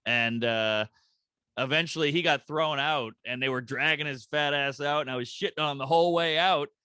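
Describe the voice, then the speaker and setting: Animated storytelling comedian, bright voice. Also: male voice, on the high side, moderate pace, clean tone, no room sound. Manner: animated storyteller, acts out quotes in shifting voices. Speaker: comedian guest. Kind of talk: casual podcast chat. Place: comedy club green room.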